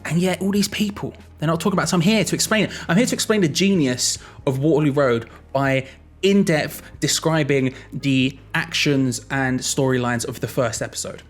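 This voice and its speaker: A man's voice: a little high, normal speed, faint music behind. A young man giving a jokey, rambling explainer vlog, often correcting himself mid-sentence. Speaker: YouTuber.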